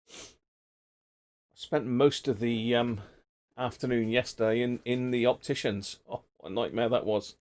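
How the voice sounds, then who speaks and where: A man's voice: medium pitch, steady tone, normal speed, darkish tone. A middle-aged man chatting casually on his live stream, rambling between topics and greeting viewers by name. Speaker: livestream host. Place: home workshop.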